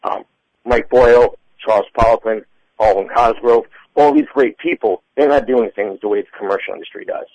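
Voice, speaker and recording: A man, a fitness professional, answering interview questions with a voice he says is going, clearing his throat now and then. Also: medium pitch, darkish tone, dry recording, lo-fi sound. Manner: measured, fillers and restarts, clears throat. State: losing his voice.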